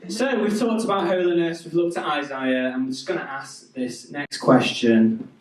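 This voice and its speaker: A man's voice: on the high side, normal speed. A man preaching a sermon to a youth group, chatty and quizzing the audience. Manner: chatty, asks the audience questions. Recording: echoey hall from far off.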